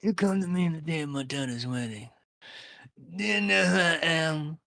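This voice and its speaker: A man's voice: a little high, lively intonation, normal speed, sharp tone, heavily acted. A man voicing a hostile, middle-aged male prison governor in a mafia-style drawl while reading a video game aloud. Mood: menacing. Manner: gruff mobster drawl, dismissive.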